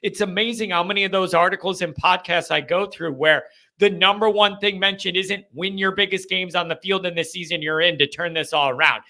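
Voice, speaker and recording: A young man hosting a live call-in fan show, ranting and joking in an animated way. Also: sits high, brisk.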